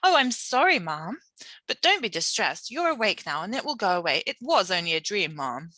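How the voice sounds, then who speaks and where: A woman reading a storybook aloud and voicing an oldish maid who speaks gently and reassuringly. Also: mid-range voice, sing-song, normal speed, no room sound. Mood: soothing. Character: oldish soothing female royal maid.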